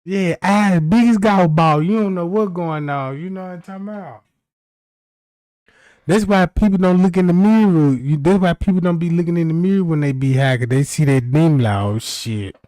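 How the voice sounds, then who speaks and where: The livestream host's high, slightly mellow voice runs at normal speed as he tells loose, profane, rambling comic stories and checks in with listeners, asking "you know what I'm talking about." Studio-quality audio without echo.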